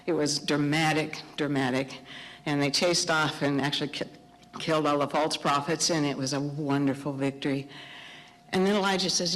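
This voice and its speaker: A middle-aged woman preaching a sermon, telling a story with animated, acted-out dialogue. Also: sits low, a little fast. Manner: animated storytelling, acting out dialogue in raised voices. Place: church sanctuary. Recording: long hall reverb.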